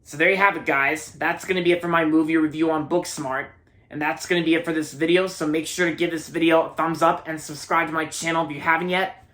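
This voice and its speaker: A man's voice: fairly high pitch, steady tone, fast, sharp tone. A young man in his early twenties from Maryland, giving a rambling, casual movie review and often repeating himself. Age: early 20s.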